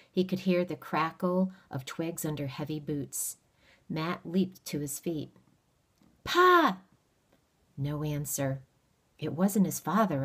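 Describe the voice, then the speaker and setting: Low-voiced woman reading a novel aloud. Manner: steady, measured storytelling. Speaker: reader.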